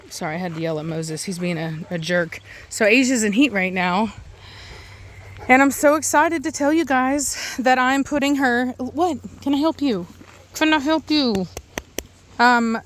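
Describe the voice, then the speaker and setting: A woman's voice: fairly high pitch, fairly bright tone. Chatty woman vlogging outdoors with her dog. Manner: chatty, with many fillers and restarts, calling commands to a dog. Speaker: dog breeder and channel host. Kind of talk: casual vlog talk to camera. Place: outdoors in a yard.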